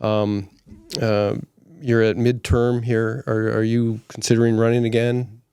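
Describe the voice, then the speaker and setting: A man's voice: medium pitch, level tone, unhurried, darkish tone, smooth, no echo, clean studio sound. A man hosting a casual podcast, asking long, friendly questions full of fillers. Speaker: podcast host.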